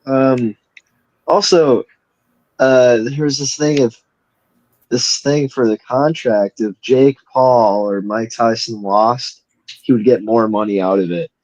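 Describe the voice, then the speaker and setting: A man's voice: medium pitch, slow, a little mellow, no echo, poor audio. A man chatting casually on a podcast, giving laid-back opinions with fillers like "you know" and "I mean". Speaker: podcast co-host. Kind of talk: casual chat.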